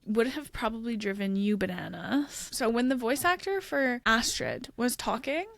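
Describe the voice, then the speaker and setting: Chatty woman with a gravelly voice. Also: on the high side, moderate pace. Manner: animated, chatty, laughs often. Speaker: podcast co-host. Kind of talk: casual book chat.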